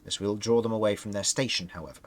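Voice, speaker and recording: A man's voice: lowish voice, steady tone, fast. A man narrating a tabletop game as game master, describing scenes and often laughing.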